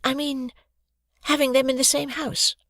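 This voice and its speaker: A narrator voicing a sleepy, curious young girl in a children's audiobook, sometimes dropping to a breathy whisper. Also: high voice, little pitch movement, moderate pace, a bit bright, no room sound, studio quality, pitched above the performer's own voice. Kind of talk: audiobook character voice.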